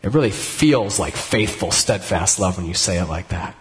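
A man teaching a Bible story in a casual, animated way, voicing the characters' words as he goes. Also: deep voice, moderate pace, slight background noise.

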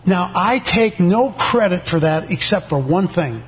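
An older man giving a church testimony about his past, halting with many restarts and repeated words, and acting out the voices of the people in his story. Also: high-pitched, expressive, faint music behind.

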